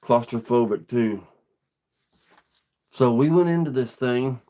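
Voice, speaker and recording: A man's voice: medium pitch, takes it slowly, mellow. A middle-aged man, telling a personal story to camera in an earnest, rambling, plainspoken way. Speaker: vlogger.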